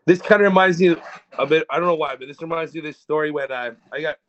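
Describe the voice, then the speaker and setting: A man's voice: on the high side, fast, fairly bright tone, muffled recording. A man telling rambling, profane stories in a casual podcast chat. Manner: rambling and profane, with frequent restarts. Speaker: podcast co-host.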